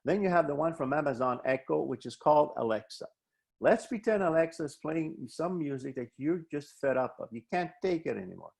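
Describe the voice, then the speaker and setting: A man presenting a wellbeing webinar, animatedly explaining coping strategies, acting out both sides of imagined dialogues and guiding slow breathing exercises. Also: on the high side, expressive, creaky, a little mellow.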